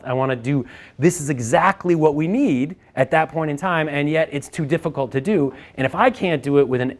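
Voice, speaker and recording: Guy in his 30s telling a founder story, swears a lot, gets loud and high when he's fired up. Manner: animated, profane, swings up when reenacting his frustration. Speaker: founder giving a talk. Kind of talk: candid storytelling talk.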